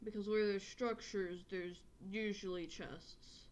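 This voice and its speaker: A woman's voice: mid-range voice, fairly even intonation, slow, darkish tone, lo-fi sound. A woman streaming a game, chatting casually in a crude, rambling way and laughing often. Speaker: gaming streamer. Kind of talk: casual gameplay commentary.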